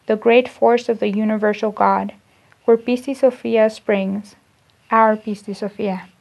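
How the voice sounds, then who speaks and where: A woman giving a spiritual lecture, reading esoteric teachings aloud in a measured, deliberate way, often restarting and repeating phrases. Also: fairly high pitch, gravelly, a little mellow. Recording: dull lo-fi recording.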